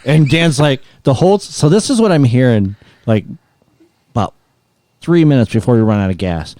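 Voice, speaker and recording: Middle-aged male guest, casual storyteller, lowish, very expressive delivery, dry close sound. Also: moderate pace, dry recording. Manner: animated rambling storyteller, laughs often. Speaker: guest musician.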